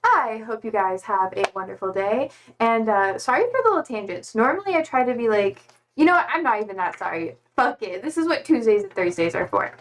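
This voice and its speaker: A woman's voice: fairly high pitch, expressive, a little fast, a little hiss or hum. A young woman streamer chatting casually with her viewers, rambling and giggling, with lots of "like" and casual swearing. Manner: rambling and giggly, heavy use of "like". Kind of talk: casual live-stream chat.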